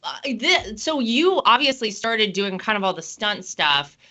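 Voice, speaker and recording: A woman's voice: medium pitch, sing-song, unhurried, pushed and bright. A woman hosting an interview show, chatty and enthusiastic with jokey asides. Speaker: show host. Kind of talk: casual interview chat. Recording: dull, lo-fi sound.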